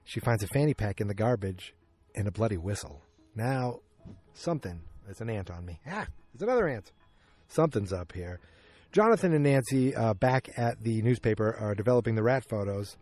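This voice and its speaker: A man hosting a podcast, recapping an episode in casual chat from his backyard, acting out the characters' lines in quick changing voices. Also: on the low side, lively intonation, a little mellow. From Massachusetts. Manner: chatty, acts out character lines with quick voice shifts. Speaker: podcast host. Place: outdoors in a backyard.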